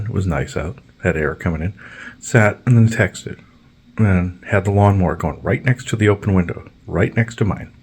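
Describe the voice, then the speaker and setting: Low, husky man telling rambling stories. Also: darkish tone. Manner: rambling, heavy with fillers, blunt and profane. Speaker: podcast host. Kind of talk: casual storytelling on a podcast.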